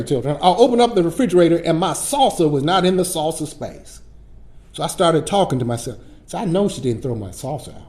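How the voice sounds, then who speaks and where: A middle-aged man, a pastor teaching Sunday school, telling folksy stories in a lively preaching style. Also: a little high. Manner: animated, folksy preacher who acts out his stories. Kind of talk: storytelling sermon-style lesson.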